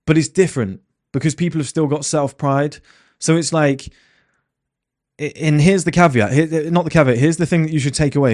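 A man's voice: a little high, darkish tone. A man talking bluntly to his audience in a casual monologue, asking plenty of rhetorical questions.

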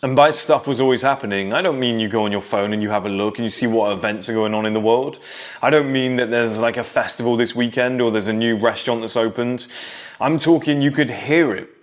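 A man's voice: medium pitch, fairly even intonation, fairly quick. Man reminiscing to younger viewers. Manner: nostalgic, lecturing younger viewers directly. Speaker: vlogger. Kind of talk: casual monologue to camera.

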